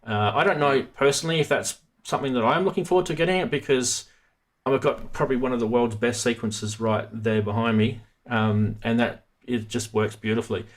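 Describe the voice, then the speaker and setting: A man's voice: medium pitch, fairly quick. A man hosting a live stream about synth modules, chatting casually and rambling with many restarts. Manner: rambling, self-interrupting, chatty.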